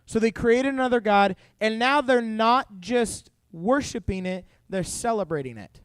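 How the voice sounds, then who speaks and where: Animated high-voiced young male preacher. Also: measured pace, smooth, no room sound. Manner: animated, joking storyteller. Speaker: youth pastor. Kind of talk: youth sermon.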